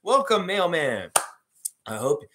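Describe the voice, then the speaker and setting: A man's voice: a little high, very animated, takes it slowly, background noise. A man hosting a live basketball preview stream, chatting casually, reading viewer comments aloud and rambling animatedly. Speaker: sports channel host.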